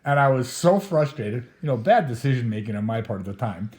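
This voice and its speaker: A man's voice: medium pitch, expressive, fairly quick, darkish tone. Middle-aged guy rambling thru a story, swearing a lot and chuckling, easygoing. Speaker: storyteller host. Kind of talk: casual anecdote telling.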